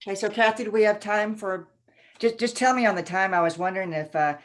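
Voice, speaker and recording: A woman's voice: mid-range voice, quick pace. A woman presenting book selections at a virtual book club event, speaking in an effusive, gushing way over a video call.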